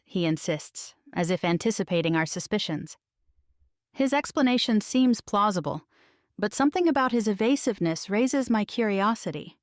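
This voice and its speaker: A woman narrating a first-person audiobook in an even, measured storytelling voice. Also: medium pitch, no room sound, studio quality.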